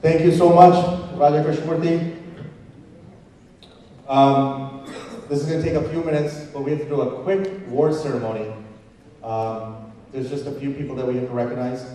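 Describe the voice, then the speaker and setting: A male emcee with a very dark voice makes casual, halting announcements. He is heard from far off in a large banquet hall. Long reverb and faint noise fill the room. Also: mid-range voice, fairly even intonation. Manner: casual, with hesitant fillers. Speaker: event emcee. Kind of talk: event announcements.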